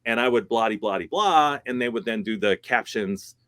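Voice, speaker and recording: A man's voice: medium pitch, normal speed, fairly bright tone, no echo. A man who teaches music, chatting casually in a conference session, laughing often and correcting himself as he goes. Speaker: guest speaker, music teacher.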